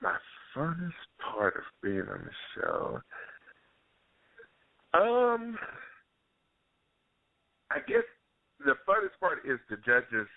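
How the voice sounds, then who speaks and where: A man, a former cooking show contestant, talking casually and excitably in a phone interview, laughing easily. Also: medium pitch, slow pace, creaky, long pauses, no room sound. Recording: tinny phone line.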